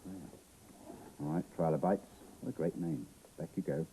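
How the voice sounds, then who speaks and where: Deep gravelly Australian man reading to kids. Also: normal speed, noisy background. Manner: animated, playful storytelling with gasps and exclamations. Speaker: children's TV presenter. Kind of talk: reading a picture book to young children.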